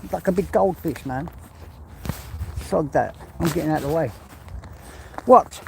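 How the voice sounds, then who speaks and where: A man's voice: fairly high pitch, moderate pace, vocal fry, dark tone, a little hiss or hum. A retired man from England chatting casually to his viewers while walking his dog outdoors, rambling from one thing to the next. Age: older. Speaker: vlogger. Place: outdoors on a rural walk by water.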